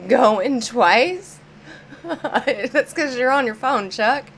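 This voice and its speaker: A woman's voice: on the high side, lively intonation, very slow, a little hiss or hum. A woman hosting a live-stream auction, chatty and upbeat, greeting viewers by name as she counts down bids.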